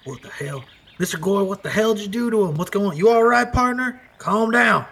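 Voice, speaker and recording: A man voicing a jittery young gunslinger, shouting in alarm. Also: high voice, moderate pace, breathy edge, exaggerated voice.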